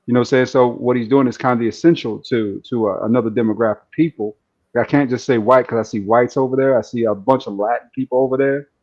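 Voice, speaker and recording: A man, calmly analyzing other streamers in casual chat, often asking "you know what I'm saying". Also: mid-range voice, fast talker. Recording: dull lo-fi stream audio.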